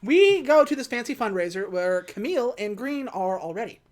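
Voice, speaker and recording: A woman with a voice a little higher than most tells a film's story as casual podcast chat. She laughs often and slips into quick character voices as she goes. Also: very animated, darkish tone. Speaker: podcast host. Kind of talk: casual comedic movie recap.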